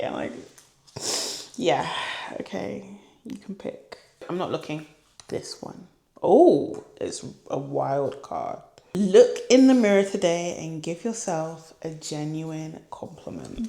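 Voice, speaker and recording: A woman's voice: fairly low pitch, lively intonation, unhurried, creaky, mellow, reverberant. A young woman vlogger in casual, candid talk to camera, emotional and open, with many fillers. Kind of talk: casual reflective chat to camera.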